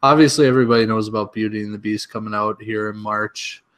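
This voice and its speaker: A young man co-hosting a podcast, easygoing, running through topics with pauses. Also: fairly low pitch, steady tone, fairly bright tone. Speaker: podcast co-host. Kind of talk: casual chat.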